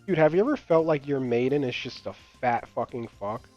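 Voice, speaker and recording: A man's voice: medium pitch, expressive, a little fast, darkish tone, dry recording. A young man chatting casually while playing a game, rambling with lots of fillers, swearing and laughing as he tells stories. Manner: rambling, filler-heavy, profane, laughing storyteller. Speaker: gaming channel host. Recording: dull lo-fi mic, dry, game music behind.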